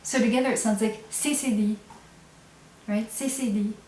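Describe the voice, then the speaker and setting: A woman's voice: a little high, steady tone, normal speed, darkish tone, roomy sound, a little hiss or hum. A woman teaching a language lesson patiently, step by step, often checking in with the learner. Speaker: French teacher.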